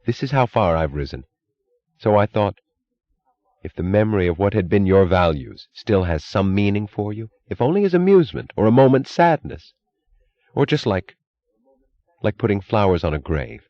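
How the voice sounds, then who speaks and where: A man's voice: lowish voice, big pitch swings, moderate pace, no room sound, muffled recording, voice pushed up. Man reading as a precise, pleading woman executive. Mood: earnest. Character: determined woman railroad executive.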